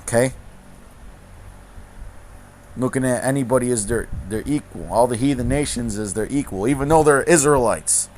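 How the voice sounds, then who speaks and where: A man's voice: medium pitch, moderate pace, pauses often, darkish tone. A man preaching to his video viewers in a profane rant. He swears a lot, repeats himself and ends his lines with "okay?" and "man". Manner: repeats and restarts phrases. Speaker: religious video host. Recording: noisy room with air conditioner hum.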